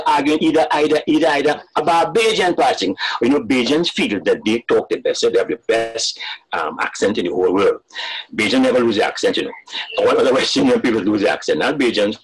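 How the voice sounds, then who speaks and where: An older man, talking as a storyteller in a webinar interview, animated and laughing at his own jokes. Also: medium pitch, a little fast, slightly rough, poor audio. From Caribbean. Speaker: storyteller and writer. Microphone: video call.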